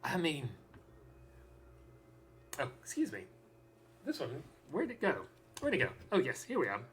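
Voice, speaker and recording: A man on a stream doing cold, deliberately deadpan dramatic readings of excerpts. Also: a little high, a little hiss or hum. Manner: deliberately deadpan, over-earnest delivery.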